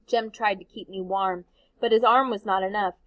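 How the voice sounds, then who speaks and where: A woman, a teacher, reading a novel aloud in a steady, expressive way. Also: medium pitch, moderate pace, dry recording, rough recording.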